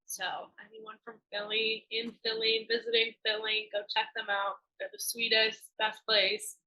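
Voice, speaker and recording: Young singer lady on a zoom call, laughs a lot, says like constantly, crisp bright tone. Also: a little high, normal speed, a little hiss or hum, rough recording. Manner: giggly, animated storyteller, lots of "like". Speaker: singer-songwriter guest. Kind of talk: casual interview chat. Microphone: video call.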